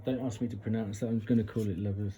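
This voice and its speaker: A man's voice: lowish voice, steady tone, fast, warm tone, a little hiss or hum. A man doing a casual tarot reading, reading passages aloud from a guidebook and breaking off for chatty asides and retakes. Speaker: tarot reader.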